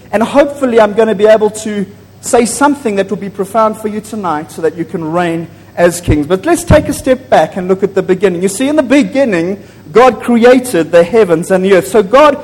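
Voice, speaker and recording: A man preaching a sermon to a congregation in a church, excitable and prone to loud bursts, often asking the people questions. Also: high-pitched. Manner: excitable, gets loud and apologizes for shouting; asks the congregation frequent questions. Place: church hall. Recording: long echo of a large hall.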